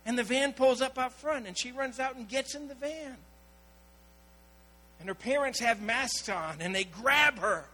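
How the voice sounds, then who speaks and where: High, bright-voiced preacher man. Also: measured pace, rough recording. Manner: storytelling preacher, acting out quoted voices. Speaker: pastor. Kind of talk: sermon.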